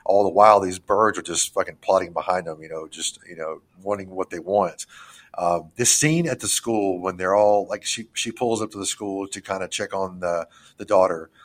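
Low-voiced dude rambling about movies, swears a lot, keeps restarting. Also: male voice, normal speed. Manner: excitable, profane, rambling with many restarts. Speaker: podcast host reviewing films. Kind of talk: casual chat.

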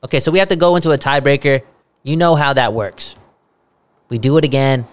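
A man's voice: mid-range voice, a little fast. A young man co-hosting a podcast, chatting casually with lots of swearing and jokes. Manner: swearing, joking, excitable. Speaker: podcast co-host.

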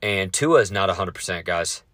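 A man hosting a casual sports podcast, talking fast with lots of swearing and rambling asides. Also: low voice, animated, bright, forceful tone, dry recording, studio quality.

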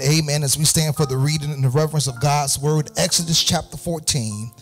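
A pastor preaching a sermon in a church. He speaks in a sing-song style, calls for "amen" from the congregation, makes joking asides to people he names, and builds to shouted, fervent peaks. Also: medium pitch.

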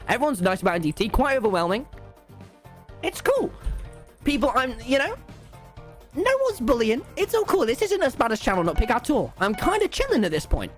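A man's voice: extremely high pitch, sing-song, a little fast, a bit bright, faint music behind. A teenage boy with a British accent tells a rambling, sarcastic school story while gaming live on stream, full of mock self-pity. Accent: British English.

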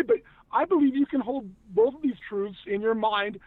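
High-pitched guy on a tinny phone-like line, earnest, keeps restarting, dry sound. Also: a little fast, hardly any pauses, dry recording. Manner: earnest, emphatic, many restarts. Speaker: guest, former actor now in news media. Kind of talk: casual conversation on faith.

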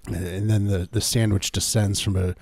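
Deadpan co-host for comedy, husky low male voice. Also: moderate pace, dry recording. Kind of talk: casual comedic banter.

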